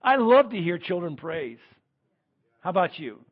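A man preaching a sermon as pastor, swinging between loud emphatic lines and quiet ones. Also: high-pitched, sing-song, measured pace, husky, muffled recording.

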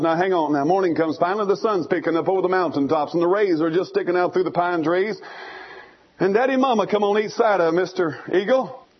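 A male preacher delivering a fiery storytelling sermon in church, swinging from hushed to shouting. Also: sits high, husky, muffled recording.

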